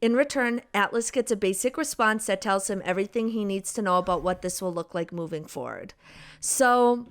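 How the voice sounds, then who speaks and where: A woman's voice: mid-range voice, animated, moderate pace. A young woman co-hosting a podcast and chatting casually about a novel, full of "like" and "literally". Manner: chatty, says "like" and "literally" often. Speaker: podcast co-host. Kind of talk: casual book chat.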